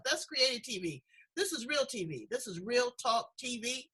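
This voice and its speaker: A woman's voice: on the high side, very animated, normal speed, background noise. A woman hosting a casual chat show over a video call, effusive and encouraging, speaking with strong emotion. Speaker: host.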